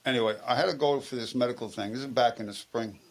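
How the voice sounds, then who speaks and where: A man's voice: mid-range voice, fast talker. A man who is a guest on a local TV talk show, telling stories in casual chat and turning insistent and heated when he argues. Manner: storytelling, gets heated and insistent when arguing. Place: local TV studio.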